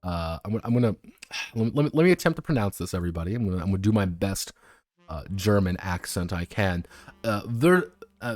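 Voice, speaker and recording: A man's voice: low voice, no room sound. A man streaming casual commentary on tabletop games, rambling with frequent stumbles, restarts and offhand swearing.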